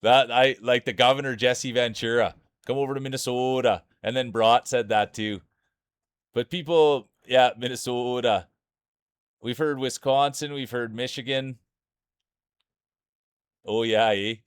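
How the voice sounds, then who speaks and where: Man, thick Saskatchewan accent, playful streamer commentary, mid-pitched, dry close sound. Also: fairly even intonation, measured pace, pauses often, smooth, dry recording. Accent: Saskatchewan Canadian. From Saskatchewan, Canada. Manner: playful, hype-man announcing. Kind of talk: live commentary on a marble race.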